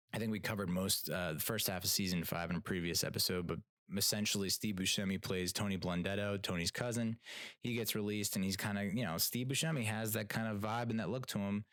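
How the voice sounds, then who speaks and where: A man with a fairly low voice talks through a solo podcast rant, loose and unscripted, stumbling over restarts and fillers. He is blunt and swears freely. The sound is dry and close, with no room around it. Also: fairly bright tone, no room sound. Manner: rambling, many fillers and restarts, blunt and profane. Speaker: podcast host. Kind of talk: casual solo rant and TV review.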